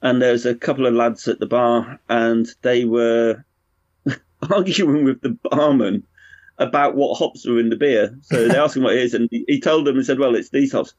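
A man, a brewer and pub owner, chatting frankly and rambling in a relaxed conversation. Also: medium pitch, moderate pace, dry recording. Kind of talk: casual conversation. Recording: dull lo-fi sound, dry.

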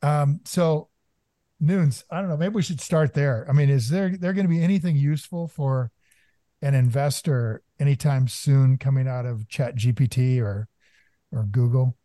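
A man's voice: medium pitch, moderate pace, mellow, dry recording. Jovial older man hosting a podcast. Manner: jovial, joking. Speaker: podcast host. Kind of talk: casual podcast chat.

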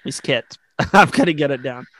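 A man co-hosting a casual sports podcast, relaxed and chatty, often laughing and restarting his sentences. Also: medium pitch, moderate pace, no room sound. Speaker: podcast co-host. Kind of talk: casual chat.

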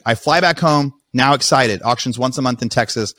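A man's voice: mid-range voice, normal speed, fairly bright tone, dry recording. A man hosting a podcast, telling his own story in a casual, rambling way with frequent restarts. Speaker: podcast host.

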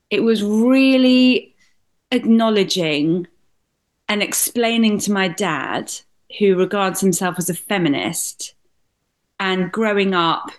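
A middle-aged woman from Britain, a comedian, telling personal stories in an animated, laughing way. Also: mid-range voice. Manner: animated, laughing, swears mildly. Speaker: guest comedian and author. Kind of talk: candid storytelling in conversation.

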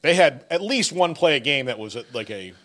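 A man's voice: a little high, fairly quick. A man co-hosting a sports podcast, telling stories in casual chat and laughing through them. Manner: animated storyteller, laughs through his anecdotes. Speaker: podcast co-host.

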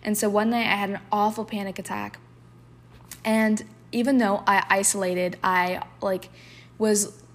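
A woman talks candidly and emotionally, full of casual "like" fillers, at a middling pitch. She shifts into reading poems aloud, sometimes softly whispering the lines. A faint hum sits under her voice. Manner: emotional, confessional, with frequent filler "like". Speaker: podcast host. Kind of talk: candid personal storytelling and poetry reading.

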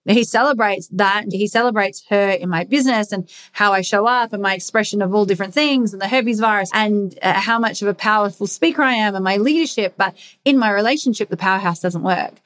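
A woman hosts a candid solo podcast, talking earnestly and emphatically, repeating her key phrases and swearing casually. Her voice is medium-pitched and a bit bright, and she speaks a little fast.

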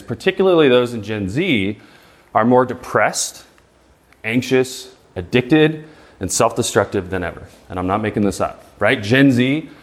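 A man in his thirties lectures a room with mid-range pitch and fervent emphasis. He fires rhetorical questions, tags his points with "right?" and trips over doubled words as his excitement builds. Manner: gets excited and stumbles over repeated words. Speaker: speaker giving a talk. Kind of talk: live presentation to an audience.

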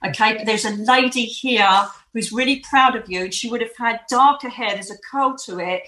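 A woman's voice: a little high, normal speed, sharp tone, a little hiss or hum. A woman giving a psychic reading, talking in an emotive, reassuring, rambling way. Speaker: psychic medium. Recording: roomy echo.

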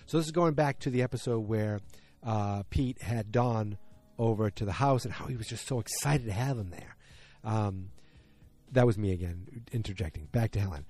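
Mellow rambling male podcast host. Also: lowish voice, animated, fairly quick, faint music behind. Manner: rambling and self-deprecating, with frequent asides. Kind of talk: casual chat, reading a listener message aloud.

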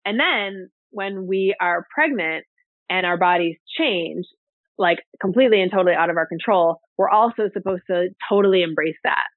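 A woman's voice: on the low side, normal speed, no room sound. Chatty woman guest on a tinny line. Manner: chatty, fills speech with "like" and "you know". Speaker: podcast guest. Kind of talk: casual storytelling in an interview. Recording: tinny phone-like line, dry.

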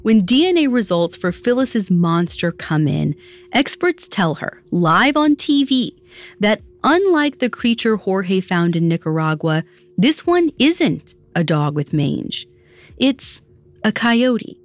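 A woman's voice: medium pitch, sing-song, takes it slowly, faint music behind. A woman hosting a podcast, telling a story in scripted narration with conversational, lightly wry asides. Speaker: podcast host.

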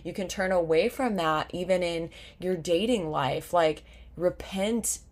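A young woman with a low voice talks on her faith podcast in an earnest, heartfelt tone. Her speech is casual and full of fillers and restarts, like chatting with a friend. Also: unhurried. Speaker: podcast host. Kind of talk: faith-based podcast talk.

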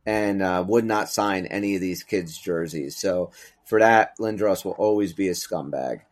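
Middle-aged male podcast co-host, low voice, loose profane storyteller. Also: moderate pace. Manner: rambling storyteller, profane, gropes for names. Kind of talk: casual chat.

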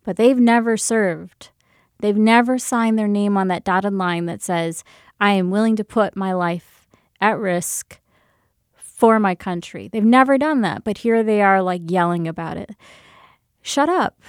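A woman's voice: medium pitch, a little slow, smooth, no room sound, clean studio sound. A woman and military veteran telling a personal story candidly, swearing freely and laughing as she goes.

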